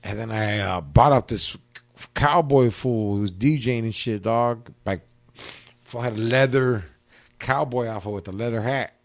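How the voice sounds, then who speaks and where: A man telling a long casual story as a podcast host, slangy and heavy on profanity. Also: lowish voice.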